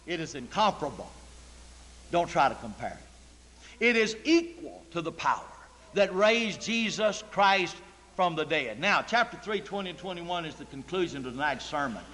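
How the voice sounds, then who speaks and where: High bright-voiced preacher man in reverb. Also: sing-song, moderate pace. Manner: emphatic, rhetorical questions to the congregation. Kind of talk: sermon. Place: church sanctuary. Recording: long church reverb.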